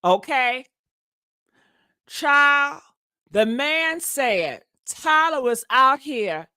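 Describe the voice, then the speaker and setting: A woman's voice: on the high side, pushed and bright, no echo, studio quality. A woman hosting a gossip commentary vlog, sassy and dramatic, preaching at viewers with church-style calls and pet names like honey and baby. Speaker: commentary channel host.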